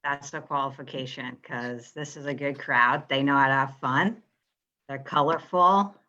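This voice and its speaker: Low deadpan voice in her twenties. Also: moderate pace. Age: 20s. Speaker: guest. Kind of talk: casual chat with comic asides. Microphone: video call. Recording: dull lo-fi video call audio.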